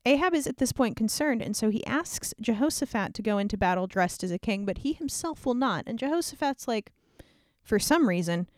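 A woman's voice: on the high side, lively intonation, fairly quick, dry recording, clean studio sound. A woman casually retelling an old scripture story in a slangy, irreverent way, peppered with "like". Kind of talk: casual comedic Bible retelling.

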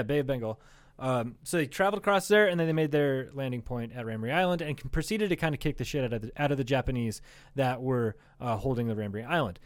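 With a mid-range, slightly mellow voice and no echo, a young man from northern Iowa chats casually as co-host of a comedy podcast. His stories come with acted-out quotes, plenty of swearing and frequent laughter.

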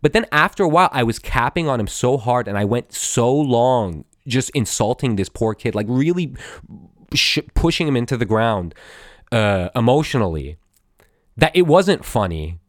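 A man's voice: normal speed, dry recording, studio quality. A man in his thirties, a podcast host telling a confessional story in a rambling, profane way, full of restarts. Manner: animated, swinging up and down in pitch.

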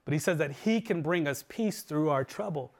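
A man preaching a sermon as a pastor, earnest and building, often dropping his voice low and soft for emphasis. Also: lively intonation, moderate pace, vocal fry. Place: church livestream.

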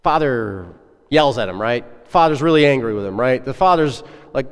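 A pastor with a medium-pitched, expressive, clean-toned voice preaches at a moderate pace. He's earnest and conversational, asking his listeners questions. The recording comes from an echoey hall with long reverb.

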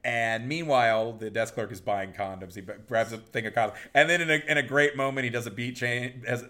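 A man's voice: medium pitch, a little fast, pushed and bright. A man co-hosting a podcast, casually recapping a film in a rambling way, with many restarts. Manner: rambling, restarts, acts out quoted lines. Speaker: podcast co-host.

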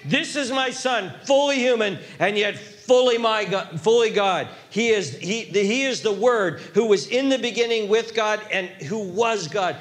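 A man preaching a sermon with dramatic, repetitive emphasis, dropping at times to a hushed whisper. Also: high-pitched.

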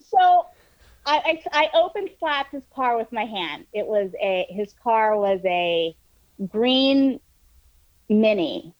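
A woman telling a story in casual chat, animated and full of fillers, swearing freely. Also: on the high side, slow, no echo, lo-fi sound. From New York. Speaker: guest storyteller.

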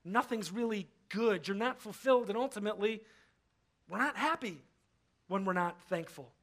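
High-voiced man preaching conversationally. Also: moderate pace, fairly bright tone. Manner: conversational, acts out quoted voices, frequent fillers. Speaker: pastor. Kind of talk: sermon. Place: church.

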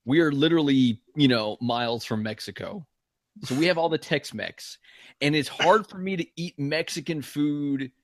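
A man with school-age kids, chatting fast and animatedly as a podcast co-host. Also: fairly high pitch, no room sound, clean studio sound. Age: adult with school-age kids. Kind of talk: casual chat.

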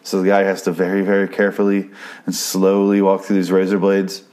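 A deep-voiced man hosts a podcast and talks through a TV episode he just watched. He swears freely and rambles, often stopping and restarting his sentences. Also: completely flat delivery, fairly quick, a little mellow. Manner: profane, rambling, frequent restarts. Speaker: podcast host. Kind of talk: casual TV episode recap.

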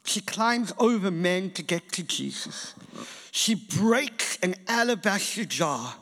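A man's voice: high-pitched, takes it slowly. A man preaching a sermon in a church, telling a story and acting out the people in it. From England and South Africa. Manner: animated storytelling preacher, acts out quotes. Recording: church hall reverb.

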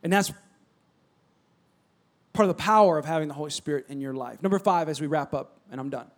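A man with a high, bright voice preaches with lots of energy. He swings from loud calls to soft near-whispers, constantly prompting his listeners to answer. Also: fairly quick. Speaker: pastor. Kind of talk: sermon.

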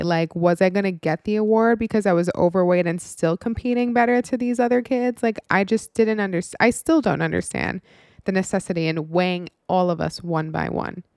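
A woman's voice: mid-range voice, darkish tone, dry recording, clean studio sound. A woman in her twenties telling a personal story in a candid, frank, casual way, with some swearing and many "like" fillers.

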